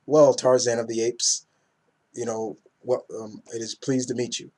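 A man's voice: mid-range voice, flat delivery, normal speed, a little mellow, close to an everyday voice. A man voicing an adult male tribesman who speaks formally and a little stiffly, retelling a comic scene.

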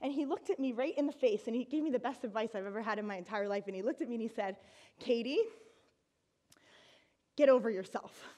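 Lively high-voiced woman telling a story. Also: racing, few pauses. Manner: animated, laughing, with bursts of excited shouting. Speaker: speaker giving a talk. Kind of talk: storytelling talk to an audience.

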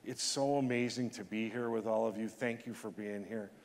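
A man in his sixties giving a motivational keynote speech to a conference, talking with emotion and pushing his voice high at the peaks. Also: steady tone, normal speed. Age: 60s. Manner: emotional, emphatic, rising to high pitch at peaks. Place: large conference hall. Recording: long hall reverb.

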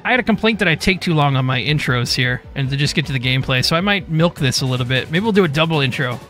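A man's voice: a little high, fast, faint music behind. Laid-back male streamer reading chat. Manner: reads chat names in a relaxed drawl. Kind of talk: casual live-stream chat.

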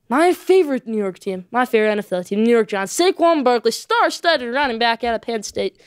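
A woman hosting a solo sports podcast, rattling off her takes at a rapid clip in a fairly high voice. She is emphatic and excitable, and hammers each point with a repeated "okay?". The sound is dry and close. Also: no room sound. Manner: excitable, animated opinions.

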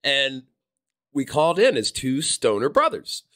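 A man's voice: medium pitch, sing-song, unhurried, fairly bright tone. A man, hosting a podcast and telling stories in casual chat, acting out quotes in shifting voices. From Philadelphia area. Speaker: podcast host.

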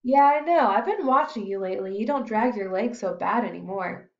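A woman's voice: medium pitch, brisk, darkish tone, echoey room, muffled recording, natural voice. A woman voicing an eager, curious teenage boy who is a boxer, asking many questions.

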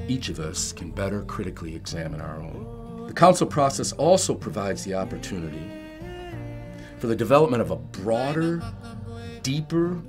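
Earnest low-voiced male teacher. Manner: earnest, musing, trails off. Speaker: high school philosophy teacher. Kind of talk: reflective documentary interview.

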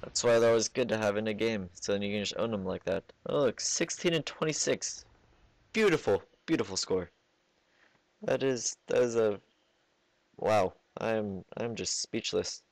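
A man's voice: fairly low pitch, fairly even intonation, slow pace, gravelly, few pauses, no room sound. A man putting on a vague foreign accent as a mocking play-by-play commentator over gameplay. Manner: dry, mocking play-by-play narration. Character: male mock commentator in a made-up foreign accent.

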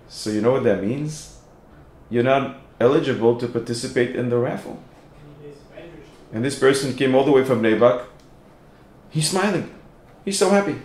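A man, a rabbi, giving a sermon told through lively stories, acting out the people in them. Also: mid-range voice, moderate pace, long pauses, roomy sound. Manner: animated storyteller, acts out quoted voices. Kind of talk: sermon with storytelling.

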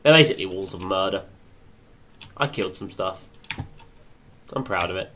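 A young man doing excitable let's play commentary, chattering to himself and swearing often. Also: sits low, moderate pace, background noise. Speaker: gaming channel host.

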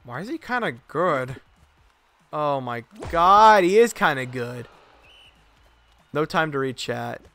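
Excitable young male game streamer. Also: fairly high pitch, slow pace, pauses often, soft background music. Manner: excitable, profane trash-talking at the game. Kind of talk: live gameplay commentary.

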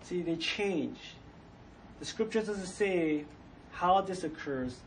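High-voiced preacher heard from off-mic. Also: male voice, expressive, takes it slowly, recorded from a distance, low-quality recording. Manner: conversational, acts out quoted voices. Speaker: pastor. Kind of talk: sermon. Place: church. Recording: faint noise, voice from off the mic.

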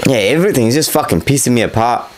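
A man's voice: mid-range voice, animated, fast, slight background noise, poor audio. A young man casually narrating over footage of his own boxing fight, candid and self-critical, swearing freely. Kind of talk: casual fight breakdown commentary.

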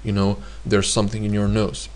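A man with a lowish, fairly quick voice teaches a language lesson. He repeats every phrase several times and explains it in a relaxed, thinking-aloud way, using lots of fillers.

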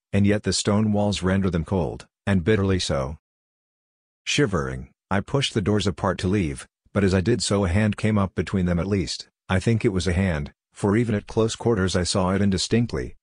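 A man narrating a scripted horror story in a measured, solemn first-person telling. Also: low-pitched, darkish tone, dry recording, studio quality.

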